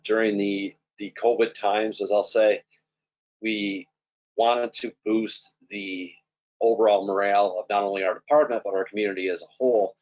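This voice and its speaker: A man on a school transportation panel speaking earnestly, with many pauses and fillers, over a video call. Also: lowish voice, flat delivery, a little mellow. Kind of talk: casual panel talk. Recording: dull lo-fi video call audio.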